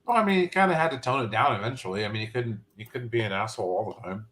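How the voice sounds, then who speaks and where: A man chatting casually about a TV finale, relaxed and hesitant with fillers. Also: medium pitch, racing. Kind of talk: casual spoiler chat.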